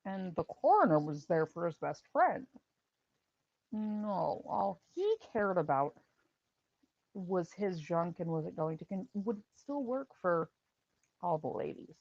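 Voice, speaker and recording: A woman's voice: fairly low pitch, sing-song, measured pace, darkish tone, slightly rough, dry recording, highs cut off. A woman hosting a livestream, a former EMT telling blunt, wry stories from the job and laughing at them. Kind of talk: casual livestream storytelling.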